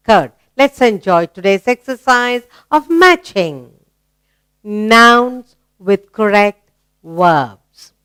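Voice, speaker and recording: A woman with an Indian English accent teaching a children's English lesson, asking simple questions and praising answers in a slow, encouraging sing-song. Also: mid-range voice, fairly bright tone, clear, resonant tone.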